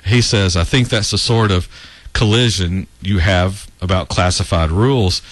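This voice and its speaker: A man's voice: deep voice, fairly bright tone, no echo. A man hosting a talk show, giving casual political commentary in a sarcastic tone and laughing at his own remarks. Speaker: radio talk show host.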